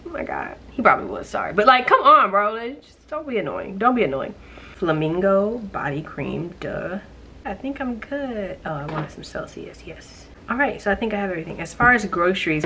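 A young woman talking straight into her phone camera in a casual vlog, hopping between shopping lists and fired-up story times. Her voice sits at an ordinary pitch for a woman and swings into exasperated bursts. A clear music bed plays under her the whole time. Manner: chatty, animated storytelling with exasperated outbursts. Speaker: vlogger. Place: home, then out running errands.

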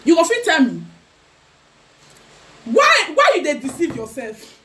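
Very high-pitched taunting Nigerian woman. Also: wildly swooping pitch, measured pace, bright, forceful tone. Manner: taunting, sing-song, breaks into laughs. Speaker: gossip vlogger. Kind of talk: mocking commentary rant.

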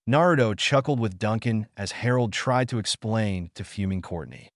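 A man's voice: on the low side, expressive, normal speed, few pauses, dry recording, studio quality. A man narrating fan fiction aloud in a storytelling cadence.

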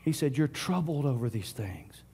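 A middle-aged man preaching a sermon, swinging from loud declarations to hushed whispers. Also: medium pitch, sing-song, moderate pace, breathy edge. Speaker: pastor.

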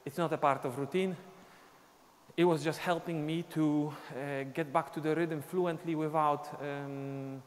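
A man's voice: a little high, fairly even intonation, measured pace. Man counting dance beats in a reverberant studio. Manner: counts beats aloud while dancing. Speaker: dance teacher. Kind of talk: live online dance class, counting steps. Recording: long reverb, faint ambient noise.

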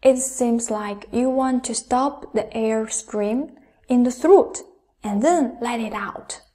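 A woman with a high voice teaches a language lesson at a very slow, deliberate pace. She says each syllable and tone aloud for the learner to repeat. Her delivery is patient and methodical, like a teacher running a drill. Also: dark tone. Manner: careful, deliberate, demonstrating each sound aloud.

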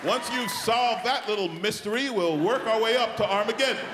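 A man doing live stand-up in a large theatre, ranting loudly and mocking people in put-on voices. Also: sits high. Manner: loud, rapid rants with mocking put-on voices. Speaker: stand-up comedian. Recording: echoey theatre with crowd noise. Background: audience laughter and applause.

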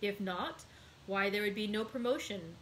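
A woman's voice: medium pitch, moderate pace, a bit bright, slight background noise, natural voice, poor audio. A woman reading the part of an anxious middle-aged male ship owner in a read-aloud book, in a plain reading voice. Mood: comforted.

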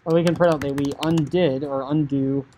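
A man teaching high school computer science, talking casually through code on screen, often saying "like" and acting out what a user might think. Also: steady tone, normal speed, dark tone, slight background noise, poor audio. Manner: chatty, filler "like", acts out inner thoughts. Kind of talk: casual coding screencast lecture.

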